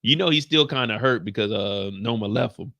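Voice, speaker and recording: A man hosting a recap who tells the story in an animated way, using slang, sound effects and calls to the chat. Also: fairly low pitch, a little fast, vocal fry, no echo. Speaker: show recap host.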